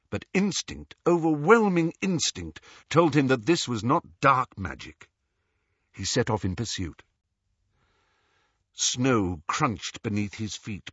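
A man reading a novel aloud as a narrator, telling it expressively and dropping to a hush in quiet passages. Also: lowish voice, husky, no room sound, dull audio. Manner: expressive storytelling with hushed passages. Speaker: audiobook narrator. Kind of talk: scripted narration.

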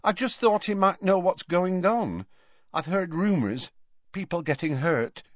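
A man's voice: high voice, a little slow, no room sound, voice pushed up. A man voicing a sad, distracted young woman in an audiobook reading. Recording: dull dry audiobook recording.

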